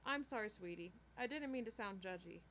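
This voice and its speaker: A woman's voice: mid-range voice, animated, fairly quick, a bit bright, a little hiss or hum. A woman reader voicing a weary elderly vampire woman with aching knees, talking in a tired, dry way. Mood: stern.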